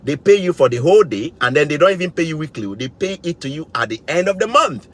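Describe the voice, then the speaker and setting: A man's voice: fairly high pitch, expressive, fast talker, fairly bright tone. A man lecturing his viewers in a vlog, emphatic and repetitive, speaking to them directly. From West Africa. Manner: emphatic, repeats points, addresses viewers directly. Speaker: vlogger. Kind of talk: lecturing to camera. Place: living in Canada.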